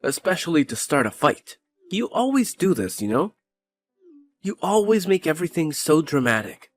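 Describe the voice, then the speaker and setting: A man's voice: on the high side, very animated. A man playing a callous, blaming husband. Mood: irritated. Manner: cold, scornful, quick to blame. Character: callous dismissive young husband.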